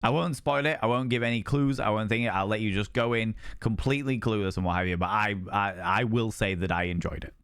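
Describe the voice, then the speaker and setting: A man's voice: fairly low pitch, fairly quick, few pauses, fairly bright tone, clean tone, dry recording, studio quality. A man chatting casually with viewers on a game stream, rambling and repeating himself.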